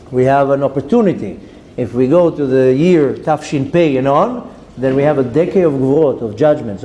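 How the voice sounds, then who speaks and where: Earnest rabbi. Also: male voice, fairly high pitch, dark tone, slight background noise. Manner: earnest, exhorting, mixes in Hebrew terms. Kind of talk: sermon.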